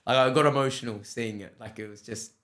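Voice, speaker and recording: A young-sounding Australian man rattles through his stories at a quick clip, his pitch sitting in an ordinary middle range. He's a guest on a casual podcast, animated and slangy, slipping into the voices of the people in his stories. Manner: animated, acts out quoted dialogue, says "bro" often. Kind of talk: casual storytelling chat.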